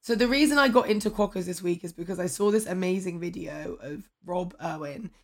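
A woman's voice: lowish voice, fairly quick. A woman with an English accent co-hosting a podcast in casual chat, talking loosely with lots of "like" and "you know what I mean". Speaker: podcast co-host.

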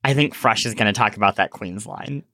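A man with a sore throat hosting a casual podcast chat, animated and laughing, often restarting his sentences. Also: fairly low pitch, brisk, dry recording, clean studio sound. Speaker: podcast host.

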